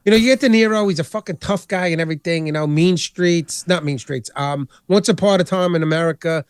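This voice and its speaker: A man hosting a podcast, chatting casually in a rambling, animated way and swearing constantly. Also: on the high side, fairly quick, clear, resonant tone, no room sound, clean studio sound. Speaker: podcast host. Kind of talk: casual chat.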